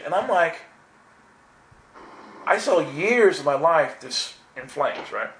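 A man giving an earnest, animated personal spiritual testimony, full of restarts. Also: fairly high pitch, unhurried, long pauses, a little hiss or hum. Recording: echoey room.

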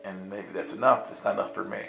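With a creaky, lowish voice and a quick pace, a man tells a story as a sermon, performing the characters' voices and laughing throughout. The recording has an echoey room sound and soft instrumental music underneath.

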